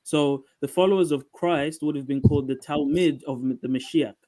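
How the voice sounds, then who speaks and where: A man's voice: fairly high pitch, moderate pace, a crowd in the background, rough recording. A man on a live panel, lecturing and citing religious texts in a debate. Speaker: panel guest.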